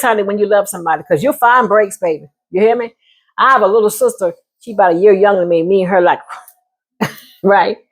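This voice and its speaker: A woman vlogger, giving heartfelt advice in a casual monologue, emphatic and affectionate, calling listeners honey and baby, with sudden whoops. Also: mid-range voice.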